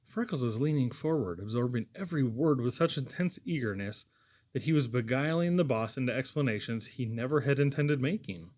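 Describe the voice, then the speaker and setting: A man's voice: mid-range voice, fairly quick, darkish tone. Man reading an audiobook. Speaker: audiobook narrator. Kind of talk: scripted narration.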